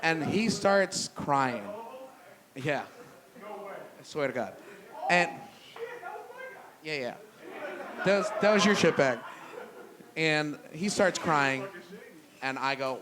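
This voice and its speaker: A young man telling a profane stand-up story on a brewery stage, loose and conversational, dropping low for punchlines. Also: takes it slowly, long pauses, background noise. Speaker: stand-up comedian. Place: brewery stage before a live audience.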